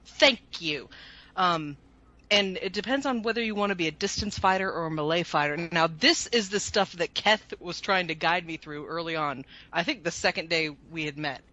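A woman's voice: on the low side, normal speed, pushed and bright, muffled recording. A woman co-hosting a gaming podcast, chatty and laughing, thinking aloud as she gives advice. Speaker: podcast co-host. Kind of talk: casual chat.

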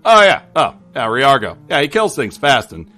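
A man's voice: medium pitch, very animated, moderate pace, pushed and bright, faint music behind. A man voicing a boisterous, dim-witted knight who rambles with many fillers, in an audio drama. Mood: brash.

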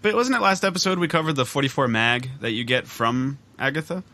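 A man co-hosting a casual gaming podcast over a call, laid-back and quick to laugh as he comments on his play. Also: medium pitch, pushed and bright. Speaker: podcast co-host and player. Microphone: remote call mic.

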